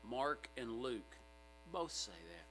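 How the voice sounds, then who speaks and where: A middle-aged male pastor preaching a sermon in a church sanctuary, emphatic and swinging from loud outbursts to hushed asides. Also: mid-range voice, big pitch swings, slow, slight background noise, poor audio.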